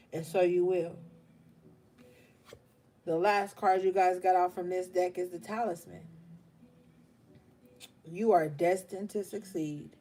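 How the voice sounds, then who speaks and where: A woman's voice: on the low side, mellow. A woman hosting a live tarot reading stream, speaking with passion and emotion and swearing bluntly as she encourages her viewers.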